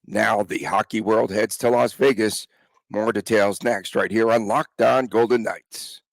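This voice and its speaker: A man's voice: fairly low pitch, fairly even intonation, measured pace, creaky, no room sound. A man with a cold hosting a casual sports podcast, chatting with his co-host and reading the intro. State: has a cold.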